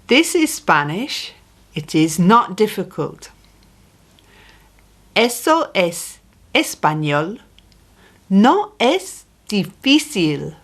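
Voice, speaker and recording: Patient woman language teacher, unhurried, steady mid-range voice, clear repetition for beginners. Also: medium pitch. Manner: patient, repeats phrases slowly and clearly. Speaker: Spanish teacher. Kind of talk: slow beginner language lesson.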